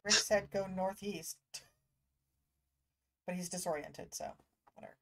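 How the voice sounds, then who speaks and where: A woman's voice: fairly low pitch, steady tone, unhurried, vocal fry. A woman playing a tabletop game, chatting and thinking aloud about her moves. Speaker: player. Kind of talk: casual tabletop game play.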